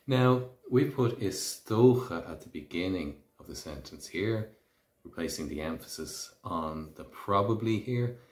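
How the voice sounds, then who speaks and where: A man teaching Irish phrases in a language lesson, saying each example slowly and carefully. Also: low voice. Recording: roomy echo.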